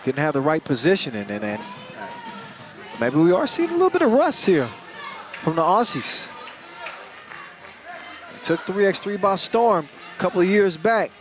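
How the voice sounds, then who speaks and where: A man calling a basketball game live, joking and energetic, getting louder on big plays. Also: high voice, normal speed, pauses often. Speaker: play-by-play commentator. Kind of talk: live sports commentary. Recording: crowd and music under the commentary. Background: arena crowd and music.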